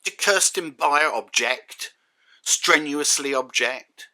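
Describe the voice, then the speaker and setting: A man's voice: a little high, takes it slowly, sharp tone. A man giving a sardonic, exasperated spoken review, full of rhetorical questions. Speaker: critic and reviewer.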